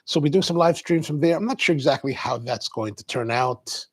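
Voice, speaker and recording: A man's voice: on the high side, a little fast, breathy edge. A man hosting a coffee livestream, chatting casually and rambling while he answers viewer comments.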